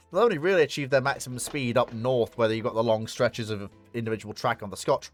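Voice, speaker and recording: Man, live-stream game commentary, rambling, self-mocking, mid-pitched voice, faint music behind. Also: fast talker, few pauses. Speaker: streamer playing a train strategy game.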